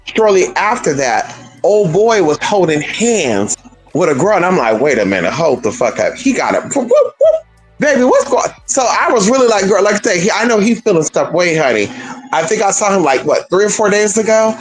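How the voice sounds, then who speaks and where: This livestream host is very animated, dishing gossip in a sassy, casual storytelling style and addressing his audience as "girl" and "honey." His pitch swoops around at a moderate pace. The recording is low-quality, with faint music in the background.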